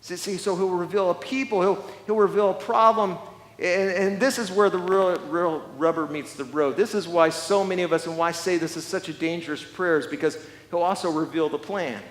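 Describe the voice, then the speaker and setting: High-voiced male pastor in an echoing hall. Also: fairly even intonation, fairly quick. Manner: emphatic preaching with repeated words and restarts. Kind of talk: sermon. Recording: long echoey church hall reverb.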